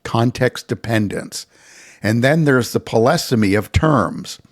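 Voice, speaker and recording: A man, an author, explaining his book in a scripted philosophical talk with dry, measured delivery and wry asides. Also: medium pitch, lively intonation.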